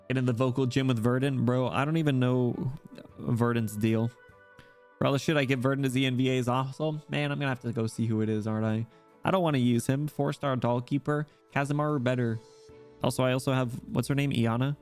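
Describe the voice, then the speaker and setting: A man's voice: medium pitch, steady tone, a little fast, darkish tone, faint music behind. A man streaming a game, chatting casually, joking and swearing. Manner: joking, crude, laughs easily. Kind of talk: casual gaming commentary with read-aloud dialogue.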